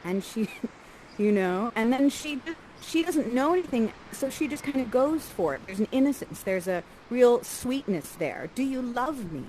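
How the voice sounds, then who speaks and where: A woman coaching actors through a scene, lively and acting out lines for the performers. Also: fairly high pitch, normal speed, a little hiss or hum, rough recording.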